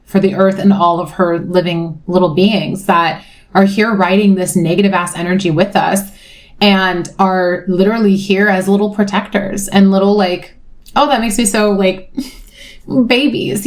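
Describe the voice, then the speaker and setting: A young woman talks through a tarot reading in a loose, rambling way, full of "like" and "you know." Her mid-pitched voice turns tender and emotional, and she swears casually. She often drifts into asides mid-sentence. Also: steady tone, moderate pace. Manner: rambling, emotional, swears freely, frequent "like" fillers. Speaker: tarot reader. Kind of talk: casual spiritual chat.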